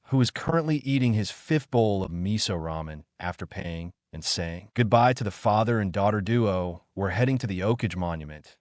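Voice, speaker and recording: A man reading a fan fiction story aloud as narrator in a steady storytelling manner. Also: fairly low pitch, no echo, studio quality.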